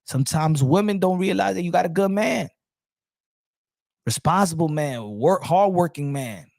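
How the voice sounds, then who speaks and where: Excitable male boxing pundit. High voice, dry close recording, ranting delivery. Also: normal speed, creaky, no room sound. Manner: excitable, ranting, with repeated restarts. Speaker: boxing commentator. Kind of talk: animated boxing commentary.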